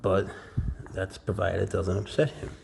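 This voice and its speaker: A man casually explaining and handling his snakes in a relaxed, rambling vlog indoors. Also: low-pitched, moderate pace, gravelly, noisy background. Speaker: reptile keeper. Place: warm indoor room with high ceilings.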